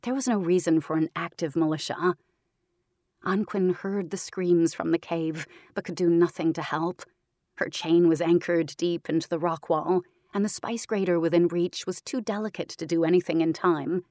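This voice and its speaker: A woman narrating a story in a calm, measured way, her voice sitting a little low. She reads evenly on a close mic. The sound is dry with no room around it. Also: no room sound. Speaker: audiobook narrator. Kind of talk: scripted narration.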